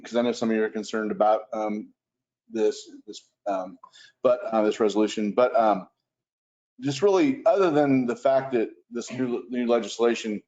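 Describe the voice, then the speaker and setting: Deep, warm male official, halting delivery; dull lo-fi council recording. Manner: hesitant, many ums and restarts. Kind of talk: public meeting discussion. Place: commission room at city hall. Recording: muffled lo-fi meeting recording.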